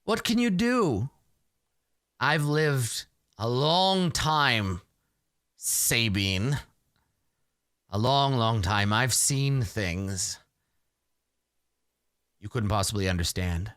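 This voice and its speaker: A man voicing an ancient blind village matriarch who taunts slowly and with menace. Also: medium pitch, expressive, fairly bright tone, smooth, no echo, clean studio sound, pitched below the performer's own voice. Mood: ominous. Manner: taunting, slow and drawn out.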